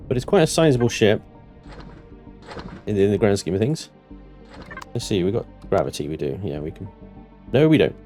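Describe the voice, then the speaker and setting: A man giving let's-play commentary on his game, thinking aloud and breaking into panicked yelling and joking curses. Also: on the low side. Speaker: gaming channel host.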